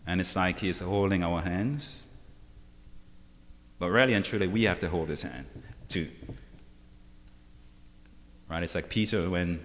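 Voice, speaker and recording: A man preaching a sermon, emphatic and unhurried, often asking the listeners rhetorical questions. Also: deep voice. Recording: long hall reverb.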